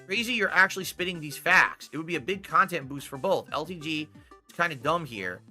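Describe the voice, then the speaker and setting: A man's voice: a little high, animated, fairly quick, pushed and bright, faint music behind. A man from Connecticut streaming live, rambling defensively and answering his chat. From Connecticut, United States.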